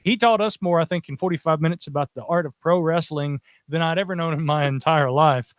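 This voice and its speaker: A man's voice: a little high, fairly quick, dry recording. Joking man. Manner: jokey, storytelling with many fillers. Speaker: podcast host. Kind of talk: casual chat.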